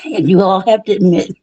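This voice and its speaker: A woman's voice: mid-range voice, dark tone, husky, rough recording. A woman hosting a casual livestream, laughing often as she reads viewer comments aloud. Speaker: livestream host.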